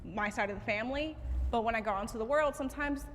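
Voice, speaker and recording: A woman's voice: fairly high pitch, fast talker, big-room sound, slight background noise. A woman in a panel discussion, talking in a casual, chatty way. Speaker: panel participant.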